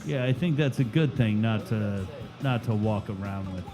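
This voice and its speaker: A man's voice: lowish voice, moderate pace, music in the background. A man hosting a casual podcast chat, telling stories with lots of swearing and laughter. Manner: profane, laughing storyteller. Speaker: podcast host, chef and teacher.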